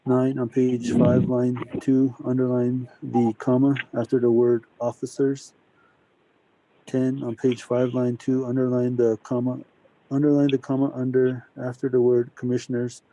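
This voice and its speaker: Flat, dark-voiced man reading amendments. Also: mid-range voice, unhurried, rough recording. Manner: steady, methodical list reading. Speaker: council staff reading amendments. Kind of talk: formal reading into the record.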